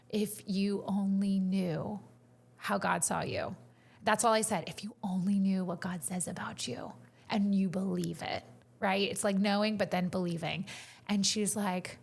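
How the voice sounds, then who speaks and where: A woman sharing a personal story on a faith-based talk show. She speaks earnestly in a middle-pitched voice and drops into soft, breathy near-whispers when the moment turns tender. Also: fairly even intonation, normal speed. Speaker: podcast co-host and coach. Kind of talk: faith-based casual conversation.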